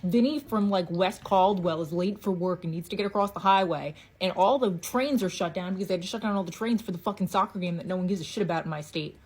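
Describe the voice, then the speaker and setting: A woman's voice: fairly low pitch, fast talker, few pauses, a little mellow, slightly rough, poor audio. A woman from New Jersey delivering a blunt, profane, exasperated rant to camera. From New Jersey, USA. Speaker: content creator. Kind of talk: ranting monologue.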